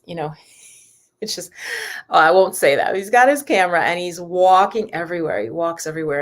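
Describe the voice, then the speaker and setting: A woman spiritual teacher chatting casually with viewers on a live stream, rambling and talking straight to her audience. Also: lowish voice. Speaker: spiritual teacher and yoga host.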